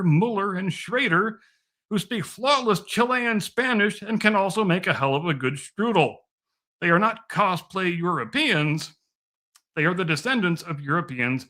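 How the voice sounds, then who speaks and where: A man's voice: high voice, bright, forceful tone. A man hosting a podcast, delivering a scripted monologue with dry, mock-patient sarcasm. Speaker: podcast host.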